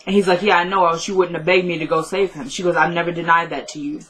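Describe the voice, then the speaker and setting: A woman's voice: lowish voice, fairly even intonation, fast talker, fairly bright tone, poor audio. A woman casually recapping a TV episode, retelling each scene as quoted back-and-forth dialogue with loose fillers. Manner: loose, filler-heavy storytelling. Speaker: show recapper.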